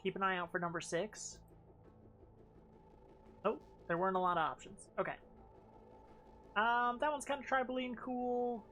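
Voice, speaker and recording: Woman streamer chatting thru a game, swears a lot, mid pitch, faint music behind. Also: steady tone, normal speed, pauses often, fairly bright tone. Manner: chatty, swears often, thinks aloud. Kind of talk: casual live game commentary.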